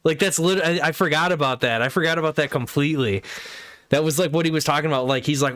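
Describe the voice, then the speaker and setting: A man's voice: a little high, fast, fairly bright tone, dry recording. A man hosting a livestream chat with friends, telling gossip in slangy, profane speech with frequent laughter. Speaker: livestream host. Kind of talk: casual chat.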